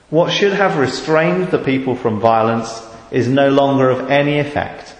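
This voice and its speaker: A British man preaching a sermon, measured and deliberate, rising to fervent emphasis on key words. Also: mid-range voice. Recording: echoey hall with long reverb.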